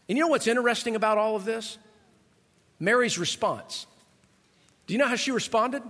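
Speaking at a moderate pace with long pauses, this middle-aged pastor delivers a conversational sermon and keeps asking the congregation rhetorical questions. His high-pitched voice is animated and a bit bright, heard through long hall reverb.

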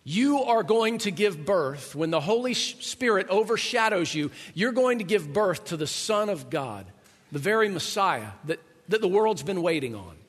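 High bright-voiced preacher in an echoey hall. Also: male voice, very animated, moderate pace. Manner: conversational, asks the audience rhetorical questions. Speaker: pastor. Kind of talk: sermon. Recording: long hall reverb.

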